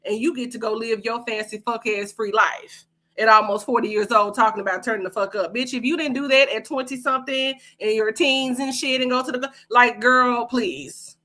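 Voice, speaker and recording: Brief: a woman host with a bright, forceful voice, sassy and profane, chatting live. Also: on the high side, steady tone, moderate pace. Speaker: podcast host. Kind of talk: casual livestream commentary.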